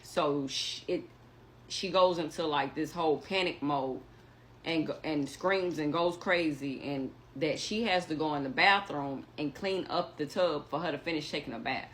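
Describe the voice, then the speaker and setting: A young woman telling a story in casual chat, animated and acting out what others said. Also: sits low, moderate pace, slight background noise. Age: young adult.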